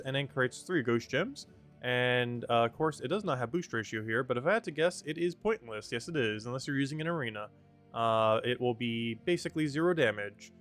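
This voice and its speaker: A man's voice: a little high, fairly bright tone. A man streaming a game, rambling casually with many fillers and frequent laughter. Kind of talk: casual game livestream commentary.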